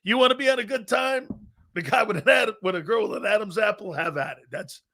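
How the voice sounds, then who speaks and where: A man hosting a live football talk show, loud and blunt, laughing often and rambling through anecdotes with stop-start phrasing. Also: sits high, quick pace, creaky. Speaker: sports talk show host.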